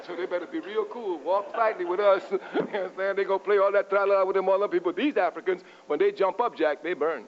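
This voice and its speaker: A man's voice: high-pitched, fast talker. A man giving a fiery, provocative political lecture to a live audience. He is emphatic and keeps chuckling at his own jabs. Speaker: political speaker. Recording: muffled lo-fi with faint mains hum.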